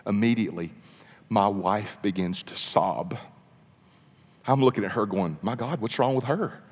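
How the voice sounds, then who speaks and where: A man preaching, telling a story with animated, dramatic pacing in a sermon. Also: on the low side, unhurried, breathy edge. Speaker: pastor. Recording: long reverb of a large hall.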